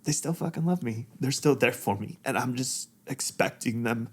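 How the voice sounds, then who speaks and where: A man's voice: mid-range voice, animated, normal speed, a little mellow, slightly rough. A man in his thirties, a podcast guest, talking candidly and emotionally, close to tears and swearing freely. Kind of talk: candid conversation.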